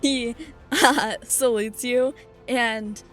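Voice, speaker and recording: A woman's voice: a little high, drawn-out words, fairly bright tone, faint music behind. Giggly woman game master. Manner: giggly, easily breaking into laughter. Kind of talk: running a tabletop game.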